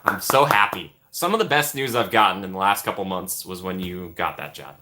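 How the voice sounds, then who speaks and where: A man's voice: fairly quick, bright, forceful tone. A man hosting a casual live stream, upbeat and playful, greeting viewers by name as they arrive in the chat. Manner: upbeat and playful, greeting chatters by name with big swings in pitch. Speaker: livestream host.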